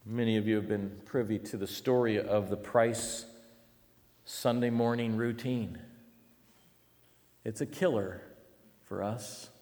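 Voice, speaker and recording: A middle-aged man preaching a sermon, telling stories with animated swings between loud and hushed delivery. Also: on the low side, slow pace, pauses often. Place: church sanctuary. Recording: long reverb of a large hall.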